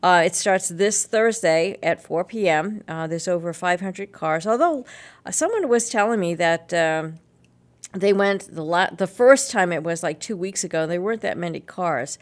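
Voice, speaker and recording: A woman's voice: fairly low pitch, lively intonation, moderate pace. A woman hosting a local radio show, chatting casually through event listings with lots of fillers and small laughs. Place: radio studio.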